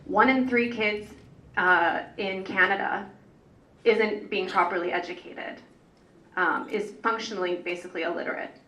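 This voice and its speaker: Bright-voiced woman organizer, rambling. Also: mid-range voice, steady tone, normal speed. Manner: rambling, many fillers and restarts, earnest. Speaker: parent education organizer on a panel. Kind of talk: unscripted panel talk. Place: public panel hall. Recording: echoey hall, mic at a distance.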